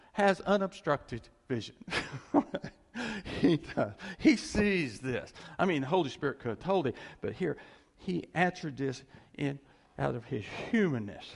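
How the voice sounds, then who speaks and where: Animated, gravelly male preacher. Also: fairly high pitch. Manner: conversational, animated, chuckles often. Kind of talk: sermon.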